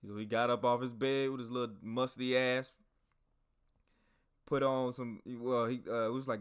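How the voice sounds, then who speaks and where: A man hosting a podcast, telling a story in a casual, animated, slangy and profane way. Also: mid-range voice, measured pace, long pauses, clear, resonant tone. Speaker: podcast host.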